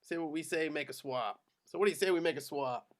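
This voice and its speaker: A man's voice: a little high, fast talker, natural voice. A man reading the part of a brash American officer in an amateur script reading, drawling and coaxing.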